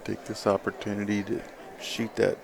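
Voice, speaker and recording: Gravelly laid-back pool commentator, man. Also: on the low side, flat delivery, normal speed, noisy background. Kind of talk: play-by-play commentary.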